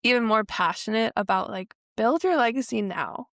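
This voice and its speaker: A woman's voice: a little high, lively intonation, normal speed, a bit bright, no room sound. A woman hosting a podcast interview, speaking in a reflective, affirming way. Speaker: podcast host. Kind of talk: interview conversation.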